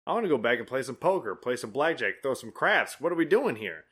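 A man co-hosting a casual podcast, telling stories in an animated way and swearing freely. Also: mid-range voice, fast, husky. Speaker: podcast co-host. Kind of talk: casual chat.

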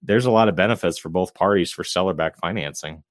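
Low-voiced easygoing man on a podcast. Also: quick pace, no echo, studio quality. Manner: easygoing, chuckles often, many fillers. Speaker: podcast guest, real estate investor and realtor. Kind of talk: casual interview chat.

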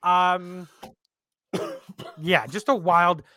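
A man's voice: high-pitched, extremely slow, no room sound. A man co-hosting a casual sports podcast, talking bluntly and with swearing. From Canada. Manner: animated, blunt, swears freely. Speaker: podcast co-host.

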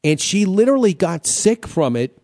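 Chatty radio host with a mellow voice. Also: male voice, high voice, big pitch swings, normal speed, dry recording, studio quality. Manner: chatty, repeats himself, joking. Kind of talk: casual radio talk.

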